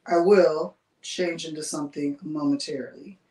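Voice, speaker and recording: A woman's voice: deep voice, steady tone, normal speed, mellow. Woman livestream host, casual and talkative with easy laughs, picked up from across an echoey bedroom. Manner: chatty, laughs often while reading viewer comments. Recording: roomy sound from a distance.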